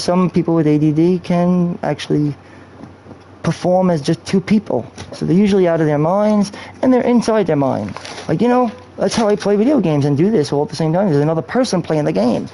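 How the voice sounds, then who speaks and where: A man's voice: fairly high pitch, warm tone, a little hiss or hum, low-quality recording. A man live-streaming a video game, talking in a rambling, profane, off-topic way into a cheap microphone. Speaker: gaming streamer. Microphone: cheap streaming mic.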